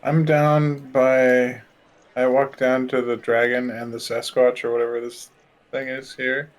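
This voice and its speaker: A man's voice: mid-range voice, flat delivery, a little slow. A man playing a tabletop game, describing his actions in a laid-back, hesitant way. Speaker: player. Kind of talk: casual tabletop play.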